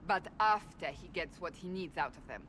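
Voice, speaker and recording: A woman's voice: lowish voice, lively intonation, moderate pace, pushed and bright. Proud woman warrior, firm, commanding, fantasy game, faint noise. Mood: grave. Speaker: warrior companion. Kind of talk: video game voice acting.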